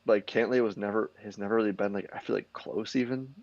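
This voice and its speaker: A man's voice: lowish voice, fairly even intonation, quick pace, a little mellow, dry recording, highs cut off. A young man co-hosting a podcast, chatting casually and rambling with lots of "like" and restarts. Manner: rambling, heavy use of "like", many restarts. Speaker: podcast co-host. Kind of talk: casual sports chat.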